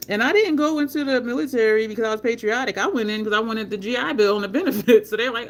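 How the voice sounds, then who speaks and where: A woman's voice: fairly high pitch, fast talker. A woman hosting a casual livestream at home, telling rambling stories, answering viewer comments and talking to the chat as "y'all". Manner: rambling storyteller, addresses chat as y'all, frequent laughs. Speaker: livestream host. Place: home, by an open balcony window. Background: faint street traffic.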